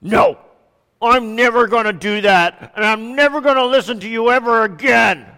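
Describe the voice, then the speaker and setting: A man imitating his grumpy, defiant young son who whines and yells back. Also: very high-pitched, normal speed, smooth, pitched above the performer's own voice, heavily acted. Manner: whiny, yelling. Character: grumpy defiant little boy, whining. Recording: reverberant church hall.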